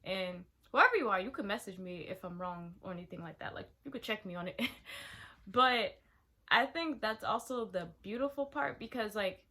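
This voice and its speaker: Bright-voiced animated young woman vlogger. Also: medium pitch. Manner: animated, exclaiming, swinging between loud outbursts and quiet asides. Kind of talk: casual chat reading viewer confessions.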